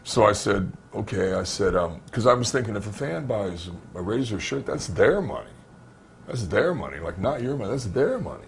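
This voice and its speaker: Here an ex-pro wrestler talks a little fast in a fairly low, creaky voice, hardly pausing, with slight background noise behind him. In this interview he animatedly relates career stories and acts out what people said.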